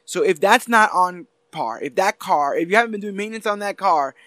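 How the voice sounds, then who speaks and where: A man co-hosts a podcast in a dry, close-miked sound. His voice sits a bit high, and he explains things earnestly in long stretches, often stopping and restarting mid-sentence. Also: lively intonation, fairly quick, pushed and bright, no room sound. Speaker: podcast co-host. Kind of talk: casual podcast chat.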